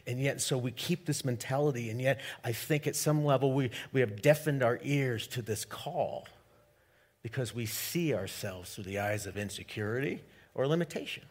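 A male pastor reading scripture and preaching, animated and jokey, swinging between loud and hushed delivery. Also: mid-range voice, normal speed.

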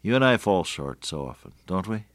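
Male radio preacher, deep voice, earnest sermon delivery, repeats key lines. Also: big pitch swings, normal speed, dry recording. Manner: earnest, repeats phrases for emphasis.

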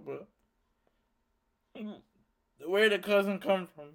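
A young man hosting a casual, rambling monologue, swearing freely and telling animated stories. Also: sits high, slow pace, creaky, pauses often. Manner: profane, rambling, animated storytelling. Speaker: podcast host.

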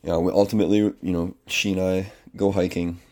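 A man's voice: sits low, level tone, a little fast, dark tone. A man who works as a kindergarten teacher, talking candidly in a rambling personal monologue, often restarting his sentences and swearing casually. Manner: rambling and confessional, with frequent restarts.

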